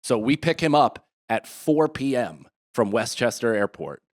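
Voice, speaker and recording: A man in his thirties co-hosting a podcast in casual chat, telling a rambling, animated story full of restarts and asides. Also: medium pitch, unhurried. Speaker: podcast co-host.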